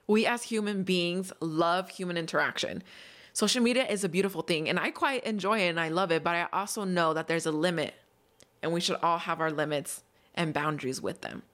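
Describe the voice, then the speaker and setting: A woman's voice: on the low side, brisk, a bit bright. A young adult woman hosting a solo podcast, telling a story and explaining in an earnest, upbeat, conversational way. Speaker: podcast host.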